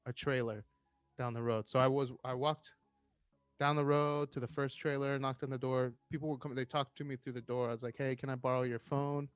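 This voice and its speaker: Male firefighter guest, thirties, mid-range voice, lively anecdotal delivery, dry close recording. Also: mid-range voice, smooth, no room sound. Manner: animated storyteller acting out quoted voices. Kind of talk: casual storytelling chat.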